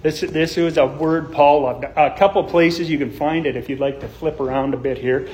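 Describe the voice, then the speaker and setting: A man's voice: fairly high pitch, steady tone, moderate pace, darkish tone. A man preaching an expository sermon, earnest and explanatory, often restarting his phrases. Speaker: pastor.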